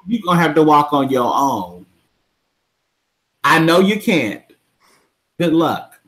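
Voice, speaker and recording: A man with a slightly high voice co-hosts a loose live talk show. He riffs on church life in animated bursts, jumping into squeaky mock voices. He stammers on purpose for laughs. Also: slow pace. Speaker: co-host. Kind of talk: comedic church-humor banter.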